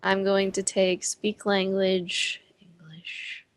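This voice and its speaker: A woman's voice: medium pitch, flat delivery, slow pace, crowd noise. A woman playing in a casual tabletop game, blunt and playful, swearing freely. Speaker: player.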